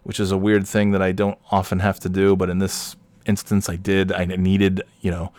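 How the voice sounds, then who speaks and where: A man's voice: deep voice, monotone, moderate pace, darkish tone, dry recording. A man telling a rambling, profane story as a podcast host, irritated and full of fillers. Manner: irritated, ranting. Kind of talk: rambling anecdotal monologue.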